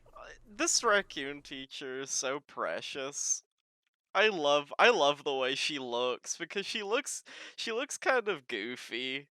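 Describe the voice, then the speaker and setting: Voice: medium pitch, big pitch swings, slow, pushed and bright, no echo. A podcast co-host chatting casually, gushing about a cartoon with lots of filler words. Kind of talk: casual chat.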